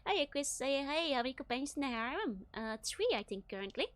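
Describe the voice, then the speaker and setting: A woman's voice: sits high, very animated, a little fast, no echo. Chatty woman streaming a game. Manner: chatty, giggly, reads chat aloud. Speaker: VTuber streamer. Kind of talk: casual let's play commentary.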